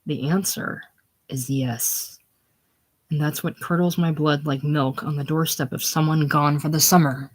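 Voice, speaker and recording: A woman's voice: sits low, steady tone, unhurried. A woman reading the lines of a pompous older male hotel proprietor, with grand, declaiming delivery. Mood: grandiose.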